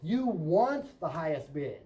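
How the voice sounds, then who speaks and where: Brief: male sales trainer, higher voice with a dark, mellow tone, emphatic, keeps asking "right?". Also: very animated, slow, low-quality recording. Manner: emphatic coaching, role-plays customer and salesman lines; repeats "right?" to check in with viewer. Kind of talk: instructional vlog.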